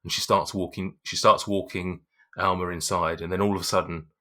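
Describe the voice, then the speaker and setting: A man's voice: low voice, level tone, brisk, pushed and bright. A man narrating as game master of a tabletop game, rambling, with many fillers. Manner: rambling, full of 'like' and 'um'.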